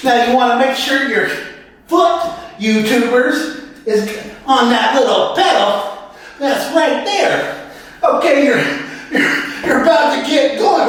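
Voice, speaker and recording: Man doing a squeaky clumsy sewing host. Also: a bit bright, exaggerated voice. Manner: squealing with laughter, yelping. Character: goofy male sewing-machine video host, clumsy and cheery. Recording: echoey room from far off.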